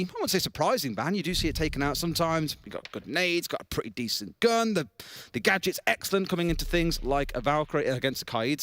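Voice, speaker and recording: A man casting a live esports match, chatty and excitable, with event music playing behind him. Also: a little high, dry recording. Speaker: esports caster. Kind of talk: play-by-play commentary. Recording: broadcast with loud music behind.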